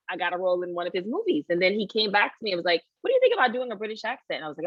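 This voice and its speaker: A woman actress in a casual interview, telling animated stories, acting out what people said and laughing often. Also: medium pitch, rapid-fire, hardly any pauses, dry recording. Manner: animated storytelling, acts out quoted voices, laughs often. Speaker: actress, guest. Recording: dull lo-fi sound.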